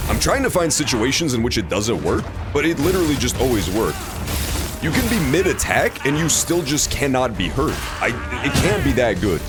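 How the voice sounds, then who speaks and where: A man casually commenting on his gameplay, with joking, sarcastic and animated reactions. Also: mid-range voice. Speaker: streamer.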